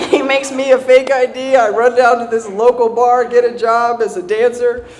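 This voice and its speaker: A woman giving a humorous recovery talk to an audience, animated and self-mocking, laughing often and checking in with "right?". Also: on the high side, moderate pace, background noise. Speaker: speaker sharing a recovery story.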